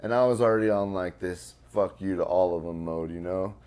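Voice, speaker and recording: A man's voice: sits low, fairly quick, a little mellow, clear, resonant tone. A man being interviewed, telling a personal story in casual, profane talk with lots of fillers. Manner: loose and profane, many fillers. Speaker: interview guest.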